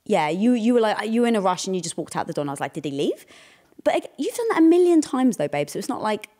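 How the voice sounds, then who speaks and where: A woman's voice: medium pitch, sing-song, racing, mellow. A woman co-hosting a casual relationship talk, telling a personal story in a chatty way with plenty of fillers. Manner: chatty, filler-heavy retelling. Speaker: co-host.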